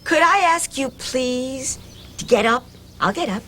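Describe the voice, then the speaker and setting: A woman's voice: sits high, lively intonation, a little slow, fairly bright tone, faint music behind. A middle-aged woman hosting a children's show, reading a story and coaching a dance in a coaxing, sing-song way.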